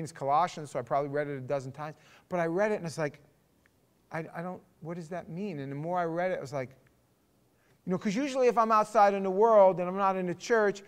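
Man, higher-pitched, informal church teacher who chats with the room and asks questions. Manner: conversational, restarts, asks the group questions. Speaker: Bible study leader.

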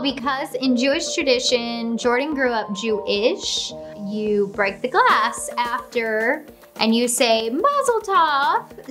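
A bubbly woman with a high voice gushes through a casual reaction commentary. She talks over faint background music, gasping and laughing as she goes. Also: a bit bright. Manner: gushing and bubbly, with gasps and laughs. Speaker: host reacting to her own wedding video.

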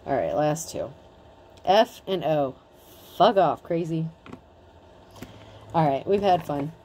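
A woman's voice: sits low, lively intonation, takes it slowly, mellow, slight background noise. A woman in her thirties giving a casual tarot reading in a blunt, chatty way, swearing freely. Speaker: tarot reader.

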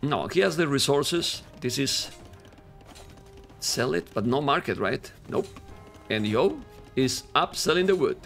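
Excitable male esports caster. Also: mid-range voice, unhurried, gravelly, pauses often, soft background music. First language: Spanish. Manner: excitable, animated casting voice, non-native grammar. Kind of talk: live game commentary.

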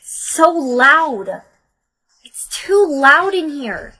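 A synthetic woman's voice reading the lead roles of short POV skits in an even, machine-like way. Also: high-pitched, extremely slow, low-quality recording. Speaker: text-to-speech storyteller. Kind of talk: text-to-speech POV skit narration.

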